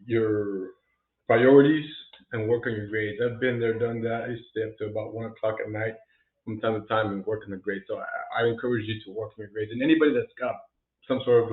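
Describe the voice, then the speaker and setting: A young man talking casually to camera in a vlog, earnest and encouraging, with lots of fillers and restarts. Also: on the low side. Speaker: realtor vlogger. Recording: echoey room, tinny phone-like sound.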